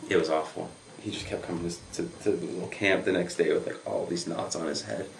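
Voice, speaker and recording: A young man with a deep, low voice tells stories in a loose, animated way, with lots of likes and ums. The room is echoey, and a faint hiss sits under his voice. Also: fast, vocal fry. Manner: animated, filler-heavy storytelling. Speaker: camp counselor. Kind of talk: casual storytelling interview.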